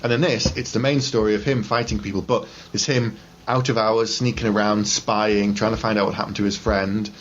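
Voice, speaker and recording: A man co-hosting a casual film review chat, talkative and quick to draw comparisons. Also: lowish voice, steady tone, lo-fi sound, a little hiss or hum. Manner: chatty, drawing comparisons, laughs easily. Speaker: film review podcast co-host.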